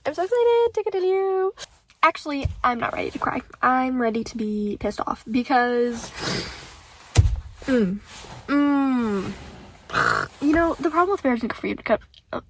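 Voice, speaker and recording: A young woman book vlogger talking casually into her phone, animated and ranting as she laughs between thoughts. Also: sits high, a little hiss or hum, low-quality recording. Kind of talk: casual reading vlog. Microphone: phone camera.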